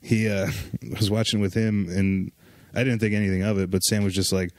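A man with a lowish voice talks in a loose, sardonic ramble, full of "like" and restarts. The sound is dry and close, with no room around it. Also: little pitch movement, a little fast, a little mellow, no echo. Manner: sardonic, rambling with frequent fillers. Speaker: podcast guest. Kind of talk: casual podcast chat.

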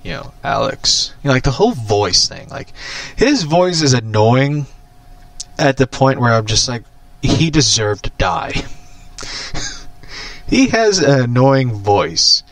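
Animated profane man rambling about a film. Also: medium pitch, slow pace, long pauses, no echo. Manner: animated, profane, laughing often. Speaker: vlogger. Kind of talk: casual rambling monologue.

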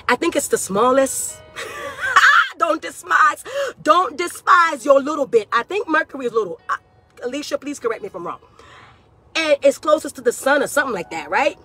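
Woman preacher, high bright voice, fervent prophetic sermon recorded outside, faint music underneath. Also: slightly rough. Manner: fervent, rising to cries and shouts, Southern-style preaching cadence. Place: outdoors, hot day.

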